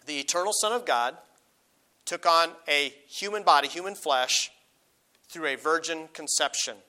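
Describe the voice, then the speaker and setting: A middle-aged man preaching a sermon as a pastor, earnest, slowing down and rising when he reads scripture aloud. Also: fairly high pitch, pushed and bright. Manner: earnest, slows and rises on quoted verses.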